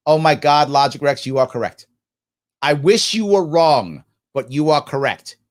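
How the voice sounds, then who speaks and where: A man's voice: fairly high pitch, normal speed. A man hosting a live talk show, reading viewer comments aloud and answering them emphatically, often posing questions and answering them himself. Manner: animated, jokey asides. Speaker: political talk show host.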